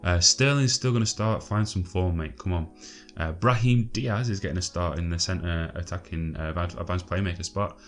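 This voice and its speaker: A man giving casual gameplay commentary, chatty and exasperated, swearing often and filling pauses with ums. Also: deep voice, soft background music. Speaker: gaming channel host.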